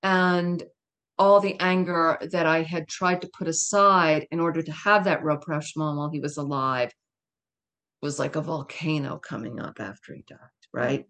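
A woman's voice: deep voice, fairly even intonation, normal speed, a bit bright. Candid, emphatic middle-aged woman telling a story. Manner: emphatic and candid, with frequent laughs and asides. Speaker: interview guest. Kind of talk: casual storytelling interview.

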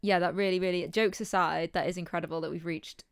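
A woman's voice: lowish voice, fast, smooth, dry recording, clean studio sound. A woman co-hosting a podcast in casual, bubbly, joking chat. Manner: bubbly, jokey and excitable. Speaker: podcast co-host.

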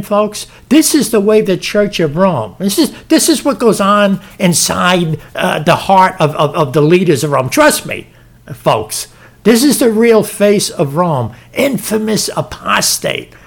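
A male preacher with a notably high-pitched voice delivers an impassioned sermon. He calls out to his listeners directly and stumbles into quick repeated restarts as he drives each point home. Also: sing-song. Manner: fervent, stumbling restarts, direct address to "folks". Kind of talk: emphatic preaching with read-aloud passages.

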